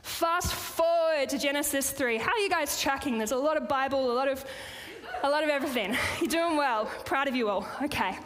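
A woman's voice: high-pitched, brisk, a bit bright, slight background noise. A woman preaching a sermon to a live audience, reading scripture and making playful, chatty asides to the crowd. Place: church or hall with a live audience. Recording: long hall reverb.

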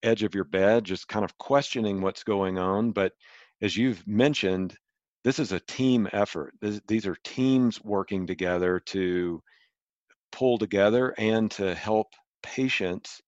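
A man interviewing a guest, asking measured, thoughtful questions. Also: on the low side, darkish tone, no echo, muffled recording.

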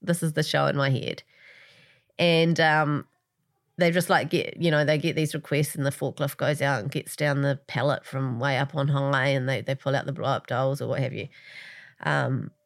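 A woman co-hosting a casual recap chat, joking and rambling through animated tangents. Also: very deep voice, normal speed. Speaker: podcast co-host.

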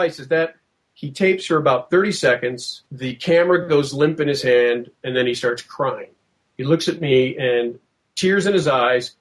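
A middle-aged man telling a long first-hand story in a podcast interview, vivid and animated, acting out what people said. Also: medium pitch, normal speed. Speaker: podcast guest.

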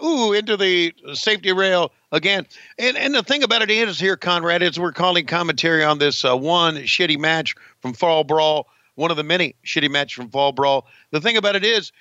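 A man's voice: high voice, pushed and bright, no echo, muffled recording. A man calling play-by-play over an old wrestling match, crude and rambling, joking with his co-host and cursing often.

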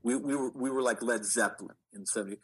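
A middle-aged man, an actor guest, telling animated stories in an interview with frequent restarts. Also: mid-range voice, fast, husky, rough recording. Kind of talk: storytelling interview.

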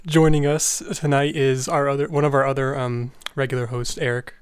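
Brief: male podcast host, mid pitch, giggly, dry close sound. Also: little pitch movement, fairly quick, clean tone, no room sound. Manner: giggly, easily amused. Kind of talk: casual chat and reading a story aloud.

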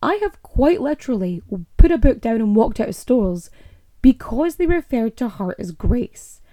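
Animated Scottish woman, mellow tone. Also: on the high side, moderate pace, no echo. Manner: animated, opinionated, rolls her R's. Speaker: podcast host. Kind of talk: casual monologue.

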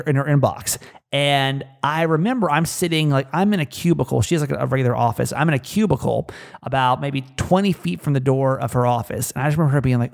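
A man's voice: medium pitch, creaky. A man casually telling a long personal story, rambling with many fillers and restarts.

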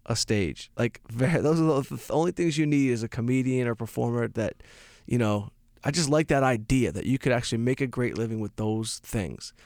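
A man's voice: medium pitch, no echo, clean studio sound. A male comedian and podcast host telling rambling, self-mocking stories in casual chat, swearing freely. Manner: profane, rambling storyteller.

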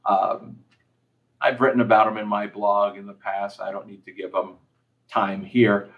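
A man's voice: lowish voice, little pitch movement, measured pace, vocal fry, lo-fi sound. A man giving casual commentary on a TV episode, telling personal stories in a reflective way. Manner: reflective storyteller, personal anecdotes.

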